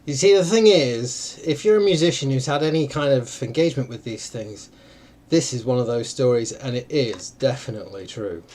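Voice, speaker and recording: A man's voice: moderate pace, a little hiss or hum. A man co-hosting a livestream, explaining a board game in a playful, jokey way. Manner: chatty, jokey, lively pitch swings. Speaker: co-host running a game.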